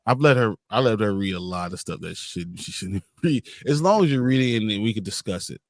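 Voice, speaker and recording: A man's voice: on the low side, animated, a little fast, dry recording, studio quality. A man co-hosting a casual movie talk show, laid-back and laughing often. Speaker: podcast co-host. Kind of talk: casual chat.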